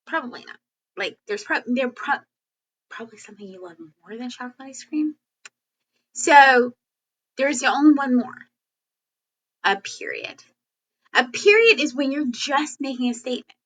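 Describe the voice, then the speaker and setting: A woman teacher giving a classroom lesson in a chatty, animated way, acting out example sentences. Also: high-pitched, normal speed, pauses often, low-quality recording.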